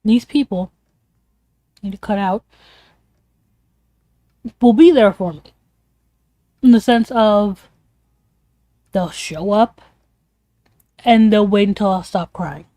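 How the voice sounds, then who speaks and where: A woman's voice: mid-range voice, slow, long pauses, mellow, no echo, clean studio sound. A young woman streamer venting in a casual, rambling way, emotional and swearing often.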